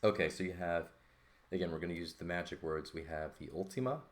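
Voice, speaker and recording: Speaking fast in a low voice, a Greek teacher works through a casual recorded lesson while writing on paper. He thinks out loud and regularly checks in with "okay?" and "right?"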